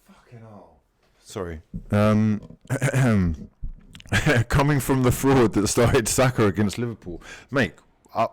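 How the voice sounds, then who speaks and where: A man giving live fan commentary while watching a match, swinging between mutters, swearing and shouts at the players. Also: fairly low pitch, slow pace. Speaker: fan channel host.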